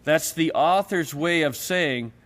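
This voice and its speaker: Guy teaching greek grammar, slightly high voice, patient and explaining, pitches up for quoted questions. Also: slow, a bit bright. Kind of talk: recorded classroom lecture.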